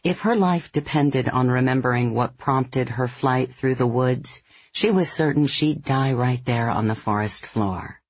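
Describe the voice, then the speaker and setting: A narrator reading a tense third-person thriller passage with slow, tense storytelling. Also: mid-range voice, slightly rough, no echo, muffled recording. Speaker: audiobook narrator.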